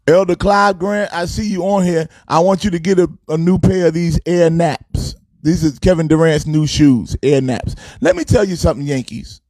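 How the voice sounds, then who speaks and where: High-voiced, fired-up male sports host. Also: warm tone, dry recording. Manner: fired-up, preachy, sing-song delivery. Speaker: host of a sports talk show. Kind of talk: casual sports commentary.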